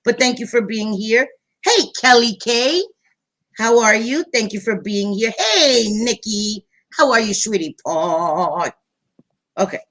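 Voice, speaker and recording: A woman hosting a casual livestream, greeting viewers loudly and chattily with pet names like sweetie pie and baby girl. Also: fairly high pitch, slow. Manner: loud, animated voice. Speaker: livestream host.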